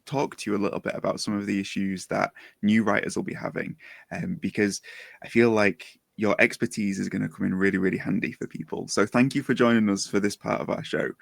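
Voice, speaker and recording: A man's voice: on the low side, vocal fry, dry recording, clean studio sound. A man hosting a podcast in a casual chat style, upbeat and jokey as he introduces guests. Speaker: podcast host.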